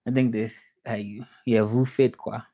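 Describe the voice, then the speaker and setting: A man with a Southern US accent chatting casually on his livestream, relaxed and talkative, repeating phrases and slipping in some French. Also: medium pitch, moderate pace. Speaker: interpreter and livestream host.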